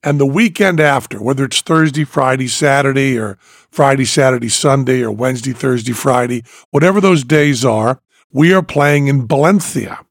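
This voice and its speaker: A man's voice: medium pitch, moderate pace, vocal fry, dry recording, studio quality. A man hosting a casual chat, telling rambling stories and acting out dialogue. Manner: rambling storyteller, acts out dialogue. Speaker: podcast host, magician.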